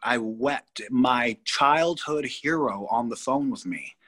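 A man in his thirties from California, telling a personal story as a guest in a casual interview, animated, blunt and profane, often repeating himself. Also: medium pitch, slow pace. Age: 30s.

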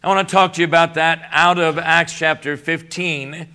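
High bright preaching man with a morning voice. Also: fairly even intonation, clear, resonant tone. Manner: halting, many uh fillers, rising to emphatic preaching. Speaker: guest pastor. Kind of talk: live church sermon. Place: church sanctuary.

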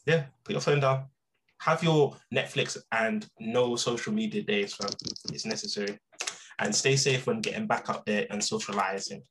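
A young man co-hosting a podcast, chatting casually and telling stories in animated slang. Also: on the low side, normal speed, background noise. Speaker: podcast co-host. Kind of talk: casual chat.

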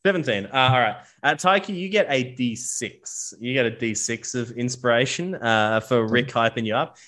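A man's voice: medium pitch, lively intonation, normal speed, a bit bright. A man running a tabletop game as game master, loose and swearing, with lots of fillers.

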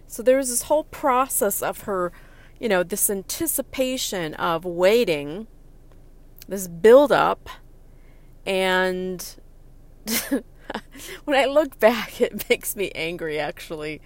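A middle-aged woman telling a personal anecdote in an animated, chatty way, with fillers and restarts. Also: medium pitch.

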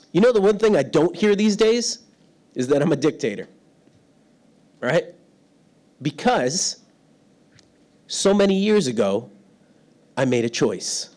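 A middle-aged pastor delivers a sermon in a windowless church hall, his mid-range voice a little mellow. Laughing often, he shares self-deprecating stories about himself.

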